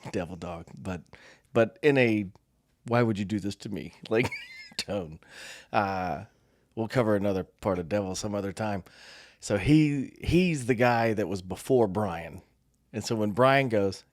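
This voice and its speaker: A man's voice: on the low side, lively intonation, a little slow, darkish tone, no room sound, studio quality. A middle-aged man, a former Marine, co-hosting a podcast and telling stories casually, laughing often. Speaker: podcast co-host. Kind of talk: casual storytelling chat.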